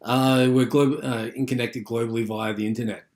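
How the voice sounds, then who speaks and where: A man's voice: mid-range voice, fairly even intonation, moderate pace, darkish tone. A man giving an unscripted university lecture, rambling with many fillers and restarts.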